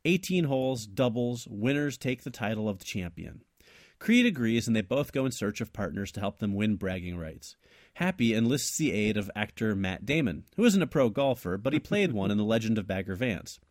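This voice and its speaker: Podcast co-host, man, animated storyteller, dry studio mic. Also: on the low side, normal speed, no echo. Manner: animated, laughs often, trails off and restarts. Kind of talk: casual chat, telling a made-up story ending.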